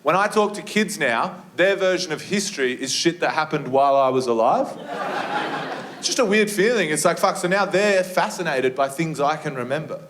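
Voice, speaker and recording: A young man with an Australian accent performing a stand-up set, telling an animated, sweary story and breaking into shrieked impressions. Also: a little high, normal speed. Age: young adult. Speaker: stand-up comedian. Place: comedy venue stage with a live audience. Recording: live room with audience laughter.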